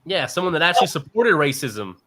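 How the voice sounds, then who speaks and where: Young dude co-host, bright slightly high voice, chill, says bro a lot. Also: male voice, big pitch swings, fast. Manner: laid-back, laughs along, says "bro" and "like". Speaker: podcast co-host. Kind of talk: casual political banter.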